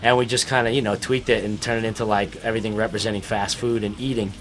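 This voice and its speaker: A man's voice: fairly low pitch, flat delivery, fast, a bit bright, a little hiss or hum. A man giving casual, profane, rambling commentary over a film, telling band stories.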